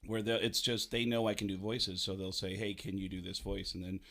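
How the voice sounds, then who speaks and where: A man who does voice work, chatting on a radio show and telling stories with lively energy. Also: low voice, a little fast. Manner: animated storyteller who acts out voices in quotes. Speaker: guest voice actor. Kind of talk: casual radio talk, storytelling.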